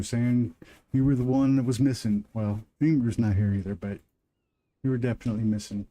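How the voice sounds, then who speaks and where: Fairly quick and steady, this man's mid-range voice has a dark tone. A gamer from the American Midwest with a twang, he chats casually on his livestream, rambling in between moves.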